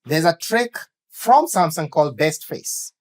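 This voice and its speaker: A man's voice: fairly high pitch, very animated, measured pace. A man co-hosting a live product stream, upbeat and explaining offers step by step in casual chat.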